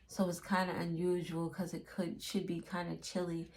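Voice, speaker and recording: A woman's voice: fairly low pitch, steady tone, normal speed. A woman giving a casual tarot reading, chatty and acting out little quotes in playful voices. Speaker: tarot reader.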